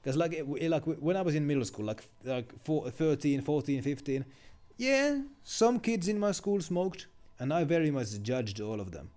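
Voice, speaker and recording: A man's voice: on the high side, lively intonation, moderate pace, darkish tone. A man streaming a video game, chatting casually and rambling with lots of fillers.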